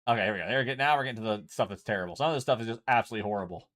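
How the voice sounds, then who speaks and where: A man's voice: fairly low pitch, very fast, a bit bright. A man casually chatting and explaining a card game as he streams from home, loose and chatty, swearing freely. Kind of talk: casual chat while playing.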